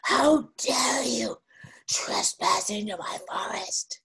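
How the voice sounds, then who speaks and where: A woman's voice: fairly high pitch, vocal fry, fairly bright tone, slightly rough, pitched above the performer's own voice, heavily acted. A woman voicing a huge, ugly, mean male forest monster who drags out his threatening challenges. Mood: menacing. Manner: slow, menacing, drawn-out challenges.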